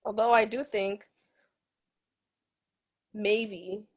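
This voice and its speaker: A woman in a casual book club discussion, animated, laughing often and acting out quotes. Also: medium pitch, extremely slow, husky.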